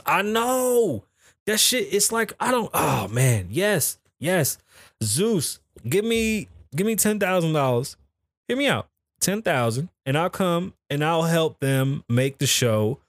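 A man's voice: on the high side, dry recording, clean studio sound. A man hosting his own podcast, rambling in a blunt, profane, casual way as he chats about pop culture and his city. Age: adult, calls himself too old for festivals. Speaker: podcast host. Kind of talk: casual solo podcast commentary. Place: home in Las Vegas.

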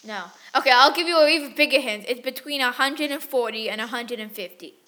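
A woman's voice: sits high, fairly quick, sharp tone, slight background noise. A young woman co-hosting a casual book chat, giggly and playful as she recites verse. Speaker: book podcast co-host.

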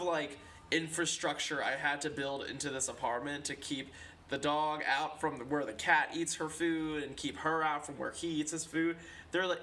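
A man's voice: on the high side, bright, forceful tone, recorded from a distance, slight background noise. A man chatting casually, easygoing and joking. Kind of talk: casual chat.

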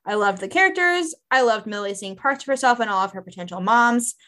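A woman's voice: fairly high pitch, expressive, a little fast, a bit bright. A woman in her twenties co-hosting a book podcast, chatting in a bubbly, self-mocking way. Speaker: podcast co-host. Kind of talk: casual book chat, reading listener emails aloud.

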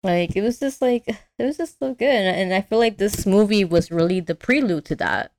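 A woman's voice: medium pitch, expressive, normal speed, darkish tone. A young woman chatting casually as a podcast co-host, rambling with lots of fillers and restarts. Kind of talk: casual chat.

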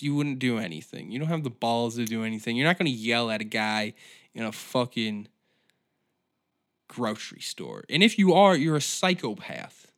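A man's voice: mid-range voice, fairly bright tone. Profane, rambling male podcast host. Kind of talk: solo comedic rant.

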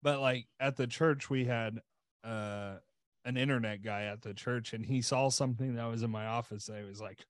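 A man's voice: medium pitch, steady tone, moderate pace, no room sound, clean studio sound. Rambling casual male podcast host. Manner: rambling storyteller, many "like" fillers. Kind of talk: casual chat.

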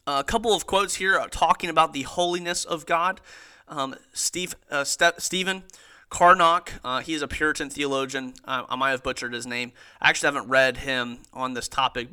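A man's voice: medium pitch, sharp tone, clean tone. A young man hosting a podcast, teaching theology in a casual, earnest way and reading quotes aloud with emphasis.

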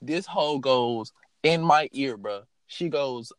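A young man telling a story in a casual, animated way, swearing freely and filling his speech with "like". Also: medium pitch, slow, clean tone, dry recording. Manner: animated, profane, lots of fillers.

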